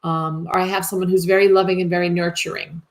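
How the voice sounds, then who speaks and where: A woman's voice: fairly low pitch, level tone, quick pace. A woman working as a psychic medium, giving a live reading in a tentative, reassuring way and often checking whether she has things right.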